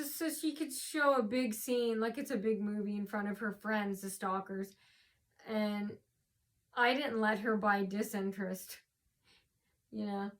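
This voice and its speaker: Rambling tired woman telling a story. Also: mid-range voice. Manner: rambling, repetitive, many fillers and restarts. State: tired from lack of sleep. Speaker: vlogger.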